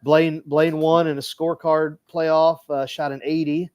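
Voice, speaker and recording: A man's voice: fairly high pitch, level tone, a little slow, darkish tone, clear, resonant tone, no echo. A man hosting a casual sports podcast, rambling with lots of fillers and giggles. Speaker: podcast host and coach. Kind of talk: casual chat.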